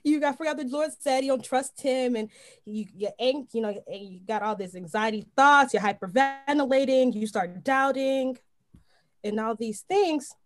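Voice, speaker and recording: A young woman co-hosting a casual faith podcast, with a fairly high voice. She tells stories with animation and jumps into the voices of the people she quotes. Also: moderate pace, soft background music. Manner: animated storyteller, acts out quotes. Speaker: podcast co-host.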